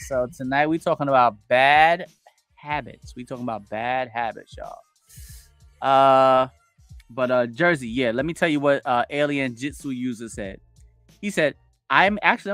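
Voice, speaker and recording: A man's voice: medium pitch, normal speed, dry recording, faint music behind. A man in his forties hosting a casual livestream, greeting viewers by name and reading their comments aloud with lots of energy. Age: 40s. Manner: animated, reads chat comments aloud, hypes viewers up. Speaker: livestream host. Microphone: home streaming setup with wired connection.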